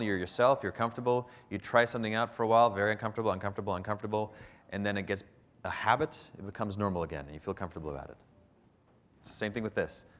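A man leading a public speaking workshop for a live group, talking emphatically and shifting his pace to stress points. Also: lowish voice.

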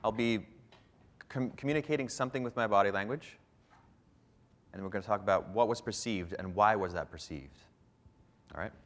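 A man with a slightly low voice leads a public speaking workshop in front of a live audience. He talks in an animated coaching manner and breaks off now and then to demonstrate. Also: moderate pace, long pauses. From Canada.

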